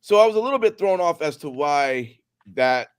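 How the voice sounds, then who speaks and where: A man's voice: a little high, animated, normal speed, clean tone. A man hosting a casual wrestling podcast, easygoing, laughing along and moving to the next segment. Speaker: podcast host.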